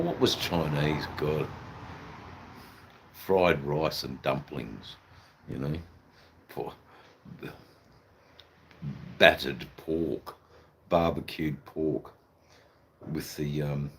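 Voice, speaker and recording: A man's voice: extremely low pitch, slight background noise. An Australian man hosting a live stream, chatting in a rambling, hesitant way with lots of fillers and restarts and some blunt swearing. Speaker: livestream host.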